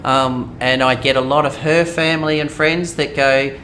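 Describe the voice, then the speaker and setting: A middle-aged Australian man hosting a game live stream, chatting casually with viewers and pausing often with ums. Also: medium pitch, steady tone, bright, forceful tone, a little hiss or hum. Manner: hesitant, many ums, reads chat aloud.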